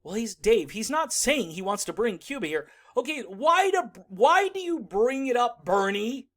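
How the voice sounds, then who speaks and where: A man giving sarcastic, animated political commentary in a vlog. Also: very high-pitched, moderate pace.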